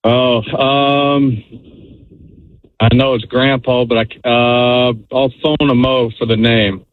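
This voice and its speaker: An easygoing man calling in to a radio show, slow and a little hesitant as he talks. His voice comes over a thin, tinny phone line. The sound is dry with no room around it. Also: medium pitch, fairly even intonation, no echo. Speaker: caller. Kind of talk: casual phone call-in.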